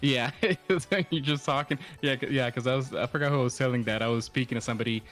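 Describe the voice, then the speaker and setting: A man's voice: medium pitch, fast, a bit bright, soft background music. A man, a curious, easygoing guest in a casual chat who chuckles often. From Texas.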